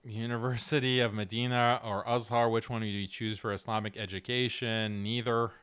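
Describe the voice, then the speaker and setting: A man's voice: medium pitch, little pitch movement, fairly bright tone, clear, resonant tone. A male show host with a strained, cracking voice, talking earnestly through a livestream and answering chat. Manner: earnest, direct, slightly halting. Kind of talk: livestream talk reading chat.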